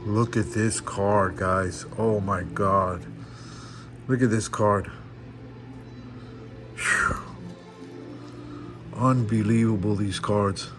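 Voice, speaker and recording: A man's voice: fairly low pitch, steady tone, takes it slowly, pauses often. A man opening trading card packs on camera, awestruck and repeating exclamations of wonder. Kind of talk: excited unboxing commentary. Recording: background music.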